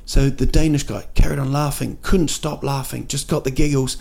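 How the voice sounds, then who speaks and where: A man's voice: mid-range voice, flat delivery, normal speed, creaky, darkish tone. A man, hosting a podcast as a comic monologue, rambling and jokey with lots of restarts and fillers. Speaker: podcast host and comedian. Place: indoors at night in a city.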